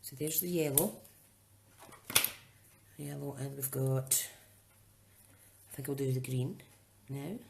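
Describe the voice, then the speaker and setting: A woman's voice: a bass voice, slow, vocal fry, pauses often, warm tone, slight background noise. A woman chatting casually and thinking aloud while demonstrating a card-making project. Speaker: craft demonstrator. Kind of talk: casual live-streamed craft demo.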